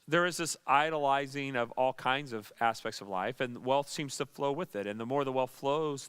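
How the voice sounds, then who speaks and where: Pastor, male, earnest Bible teacher, slightly high, clear voice. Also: fairly bright tone. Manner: earnest, with dry sarcastic asides.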